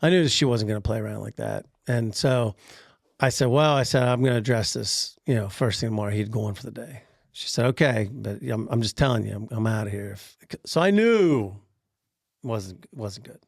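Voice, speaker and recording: A man on a podcast telling a workplace story in casual chat, animated, laughing often and acting out the people he quotes. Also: lowish voice, fairly quick, vocal fry, no echo, studio quality. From Pennsylvania.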